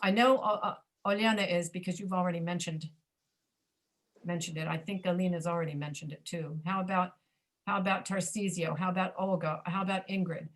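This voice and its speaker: A woman's voice: on the low side, fairly even intonation, brisk. A woman teaching a pronunciation class over a video call, demonstrating reduced speech and often checking that students understand.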